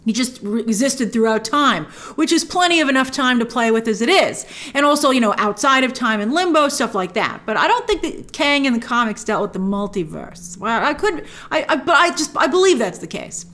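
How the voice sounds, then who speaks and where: Film-review host, female, high and very lively, gushes and exclaims. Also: fairly quick, few pauses. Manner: excitable, gushing with sudden high exclamations. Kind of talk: casual film breakdown to camera.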